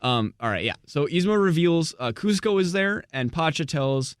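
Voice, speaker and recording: A man's voice: fairly high pitch, lively intonation, normal speed, clean tone, no echo. Man, podcast co-host, chatty recap, filler words, dry close mic. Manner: rambling, filler-heavy, laughs often. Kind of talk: casual chat recapping a movie. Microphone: studio microphone.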